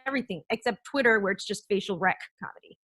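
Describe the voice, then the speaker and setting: A woman's voice: mid-range voice, animated, fast talker, a bit bright, slightly rough. A young adult woman, a comedian co-hosting a casual podcast, who talks loosely with lots of fillers and self-mocking sarcasm.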